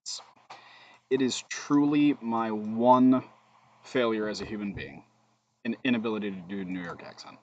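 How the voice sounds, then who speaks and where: A man's voice: lowish voice, normal speed, pauses often, dull audio, slight background noise. A man streaming a card game, thinking aloud between plays, humming and muttering, with joking asides to his chat. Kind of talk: casual gameplay commentary.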